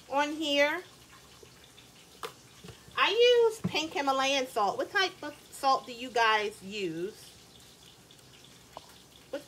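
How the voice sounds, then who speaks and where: A woman's voice: high voice, bright, forceful tone, a little hiss or hum. A woman cooking at home, chatting to her viewers in a casual way, often saying "y'all" and asking them questions. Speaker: cooking vlogger. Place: home kitchen.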